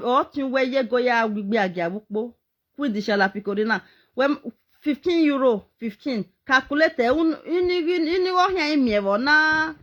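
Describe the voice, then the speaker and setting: A woman's voice: sits high, a bit bright. A Nigerian woman ranting on a live stream, mocking and scolding as she mixes pidgin and English.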